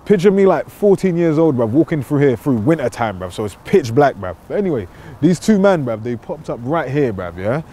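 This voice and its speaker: A young London man tells comic stories in heavy street slang, dropping bruv into nearly every line. His voice is mellow and dark. He talks at a fast clip. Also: medium pitch, big pitch swings, a little hiss or hum. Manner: slangy street talk, says bruv constantly. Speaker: storyteller. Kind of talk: comedic storytelling.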